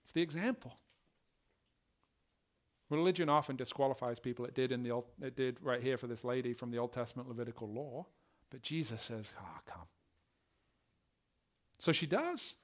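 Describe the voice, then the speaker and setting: A male pastor with a mid-range voice preaches a little fast, telling stories in an animated way and acting out the scenes as he goes.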